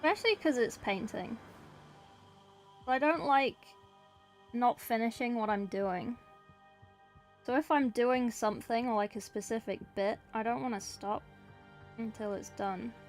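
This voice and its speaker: A woman's voice: fairly high pitch, unhurried, long pauses. A young woman painting miniatures on a livestream, chatting casually and answering viewer chat as she works. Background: faint background music.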